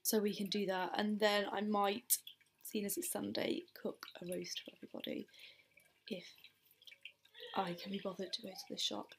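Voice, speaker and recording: A woman's voice: mid-range voice, level tone, moderate pace, vocal fry, a little hiss or hum, poor audio. A woman, a parent chatting candidly and rambling in a casual home vlog, recorded indoors on a handheld camera. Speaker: parent vlogger.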